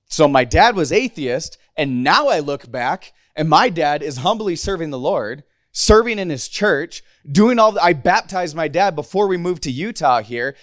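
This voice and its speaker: A man's voice: on the high side, no echo, studio quality. Candid emotional man in his thirties preaching. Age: 30s. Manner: emotional, candid, rambling with restarts. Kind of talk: casual sermon.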